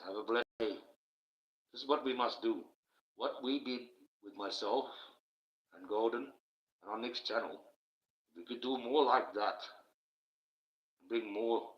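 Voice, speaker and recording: A man's voice: medium pitch, fairly bright tone. A man hosting a live stream from home at night, giving a rambling, emphatic monologue and thanking viewers in his chat. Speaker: livestream host. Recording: roomy, dull lo-fi stream audio.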